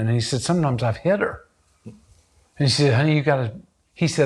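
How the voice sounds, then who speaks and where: Earnest middle-aged man telling a story. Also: fairly quick. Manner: earnest, acts out quoted voices with rising pitch. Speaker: therapist. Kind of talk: conversational storytelling.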